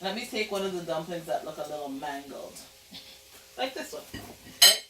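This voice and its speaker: A woman's voice: sits low, fast. Woman chatting through a cooking vlog, kinda far from the mic, echoey kitchen, bit of hiss. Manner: chatty, playful, talks through each step. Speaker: home cook, channel host. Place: home kitchen. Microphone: camera mic, back turned, away from it.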